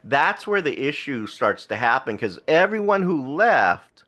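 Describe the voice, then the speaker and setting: A man's voice: medium pitch, big pitch swings, measured pace, bright, forceful tone. A man co-hosting a podcast, casually retelling a film plot in a rambling way with laughs. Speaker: podcast co-host. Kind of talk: casual film review chat.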